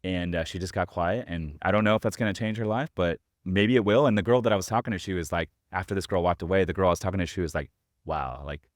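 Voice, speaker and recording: A man's voice: deep voice, fast talker, hardly any pauses, dry recording, studio quality. A man hosting a podcast, telling a rambling anecdote full of fillers and casual swearing. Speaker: podcast host. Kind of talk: casual interview chat.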